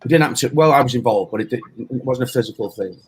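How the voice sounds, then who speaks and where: A man's voice: mid-range voice, very fast, slightly rough, poor audio. A middle-aged man from England, a self-defense instructor, talking casually in a rambling, storytelling way with lots of restarts and fillers. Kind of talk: casual interview talk.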